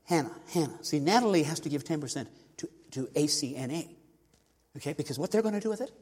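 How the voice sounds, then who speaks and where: A man's voice: a little high, expressive, fast, darkish tone, husky. An older man preaching a folksy sermon on giving, calling on people in the pews by name. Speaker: visiting bishop's envoy preaching on tithing. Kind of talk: sermon with audience participation. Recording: long church reverb.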